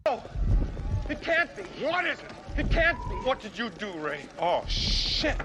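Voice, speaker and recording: A terrified movie hero in breathless disbelief, his voice pushed very high and swinging wildly up and down. A loud film score swells behind him. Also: big pitch swings, measured pace, exaggerated voice. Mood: panicked. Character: panicked adult man facing a monster in a film. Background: film score music.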